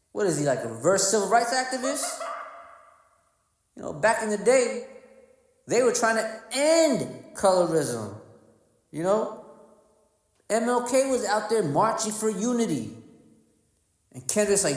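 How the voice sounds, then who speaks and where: A man from North Carolina doing a brash, profane stand-up comedy routine, mocking people as he tells stories. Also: high voice. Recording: echoey room with long reverb.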